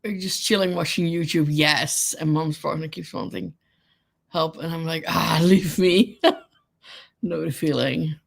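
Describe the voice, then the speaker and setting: A woman's voice: low-pitched, steady tone, measured pace, vocal fry. A woman hosting a casual livestream, chatting with viewers, giggling often and greeting people by name. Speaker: livestream host.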